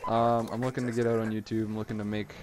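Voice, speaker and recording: A man giving casual, rambling gameplay commentary, excitably retelling his moments in the match. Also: lowish voice, fast. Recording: noisy game audio underneath. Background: game sound effects.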